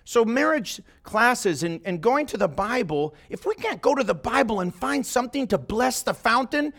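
High-voiced man preaching conversationally. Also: lively intonation, moderate pace, vocal fry, hardly any pauses, fairly bright tone. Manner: conversational, asks the listeners questions often. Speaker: pastor. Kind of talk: informal sermon to a small group. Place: church meeting room, live-streamed.

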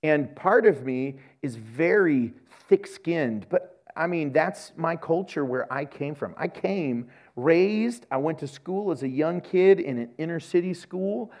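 A male pastor delivering a sermon with a lively, swooping delivery that jumps from soft asides to loud bursts. His voice sits a bit high for a man, and he acts out quoted voices as he goes. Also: unhurried, hardly any pauses.

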